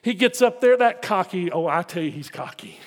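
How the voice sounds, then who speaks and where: A pastor preaching a sermon, emphatic and full of rhetorical questions put to the congregation. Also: male voice, sits high, expressive, normal speed, big-room sound.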